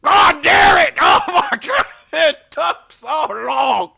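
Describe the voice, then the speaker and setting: A man voicing a frustrated fellow who shouts loudly from a distance. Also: expressive, slow pace, gravelly, dry recording, clean studio sound, some chatter behind, full character voice. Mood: exasperated shouting. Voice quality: high, shouted, drawn out.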